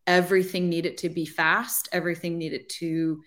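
A woman's voice: lowish voice, level tone, normal speed, a bit bright. Chatty woman telling her faith journey. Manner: chatty, says "like" often, acts out her own past thoughts. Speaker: ministry leader, interview guest. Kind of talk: conversational testimony.

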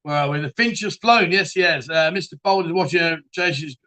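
Casual stream host, man, high and bright, rambling and laughing as he reads comments. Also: a little fast. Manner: chatty, laughs often, trails off and restarts. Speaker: live chat show host reading viewer comments. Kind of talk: casual live-stream chat.

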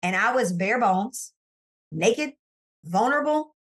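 A woman sales coach, a guest in an interview, telling her story in an emphatic, animated way and talking straight to listeners, from her office. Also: on the high side, takes it slowly. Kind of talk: candid faith-based interview storytelling.

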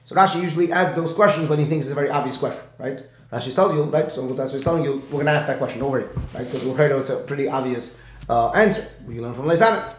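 A man teaching a Talmud lesson, explaining Rashi and checking in with his student with a quick "right?". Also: mid-range voice, slight background noise. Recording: echoey room.

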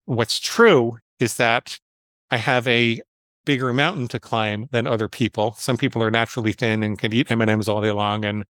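A man's voice: medium pitch, fairly even intonation, normal speed, a bit bright, dry recording. A man, a psychologist guest, telling a personal story in an interview in a candid, self-deprecating way, acting out the voices in his head.

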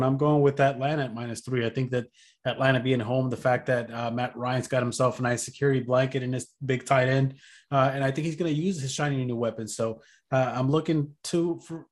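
A man co-hosting a casual sports betting chat, laid-back and rambling as he explains his reasoning. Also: medium pitch. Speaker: podcast co-host.

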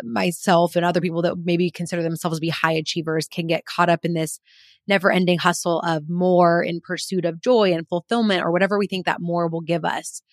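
A woman's voice: on the low side, no room sound, studio quality. A woman hosting a podcast interview, prompting her guest and reflecting on his answers. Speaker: podcast host.

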